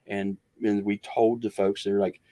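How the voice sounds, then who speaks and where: A man's voice: fairly low pitch, flat delivery, a little slow, dark tone. A man telling a long story as a guest in an interview, rambling with many restarts and acting out what others said. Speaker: guest researcher.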